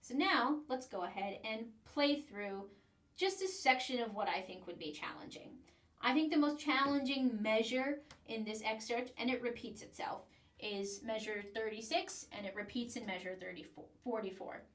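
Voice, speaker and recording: A woman's voice: fairly high pitch, normal speed, a bit bright, recorded from a distance. A woman teaching the trombone, walking through the steps of a practice excerpt and now and then singing the rhythms on single syllables. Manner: explains step by step, sings rhythms on syllables. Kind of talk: instructional demonstration. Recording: echoey room, a bit off mic.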